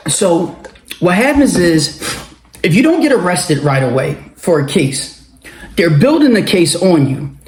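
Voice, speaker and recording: A man with a fairly high voice tells a personal story in a loose, animated monologue. He swears freely and breaks into laughter often. The room around him is echoey. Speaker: vlogger telling a personal story.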